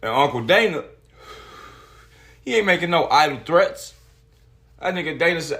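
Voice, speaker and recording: A man hosting a solo podcast, talking casually with lots of swearing and reading articles aloud in an animated way. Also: a little high, normal speed, long pauses. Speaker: podcast host.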